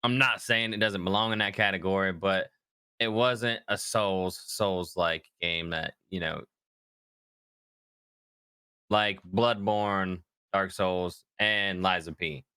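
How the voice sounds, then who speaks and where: A man co-hosting a podcast, chatting casually about video games, animated and quick to laugh. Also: low-pitched, clean tone, no room sound, studio quality. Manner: animated, laughs often, trails off. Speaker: podcast co-host. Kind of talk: casual gaming chat.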